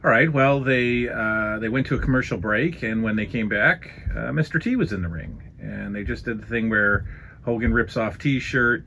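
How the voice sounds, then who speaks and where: A man giving a casual, excitable review of old wrestling footage, breaking into loud quotes of what the wrestlers say. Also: lowish voice, slight background noise. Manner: excited, acts out quoted lines loudly. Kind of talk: casual commentary over footage.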